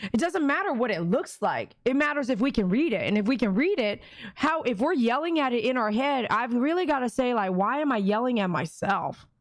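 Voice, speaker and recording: A talkative woman with a fairly high voice hosts a live stream, reading comments out loud and making her points with emphasis. The sound is dry and close, with no room echo, and she keeps asking the viewers to agree with her. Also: expressive, fairly quick. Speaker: dog groomer and livestreamer.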